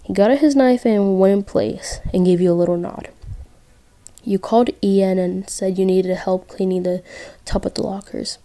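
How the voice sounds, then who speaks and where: A woman's voice: medium pitch, fairly even intonation, moderate pace, warm tone, no echo. A young woman casually telling a listener role-play story, rambling with asides.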